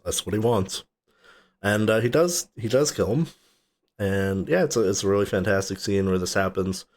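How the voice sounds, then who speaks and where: A man's voice: on the low side, animated, normal speed, darkish tone. A man co-hosting a podcast, rambling casually about a film, swearing and laughing as he retells scenes. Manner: rambling, swears casually, laughs often, acts out movie quotes. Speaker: podcast co-host. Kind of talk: casual movie chat.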